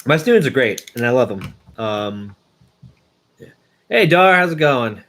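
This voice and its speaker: A man's voice: mid-range voice, big pitch swings, measured pace. A young man, a schoolteacher, hosting a casual live stream and telling stories loosely with many fillers. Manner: rambling, warm-hearted storytelling with many fillers.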